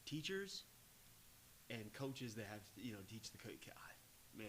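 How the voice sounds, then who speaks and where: A man hosting a casual interview podcast, encouraging and quick to laugh. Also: medium pitch, big pitch swings, a bit bright. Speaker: podcast host. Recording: faint background hiss.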